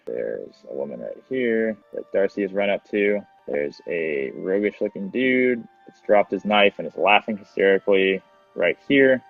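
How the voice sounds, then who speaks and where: A man narrating as game master in a tabletop game, rambling with restarts and fillers. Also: lowish voice. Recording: dull lo-fi with faint music.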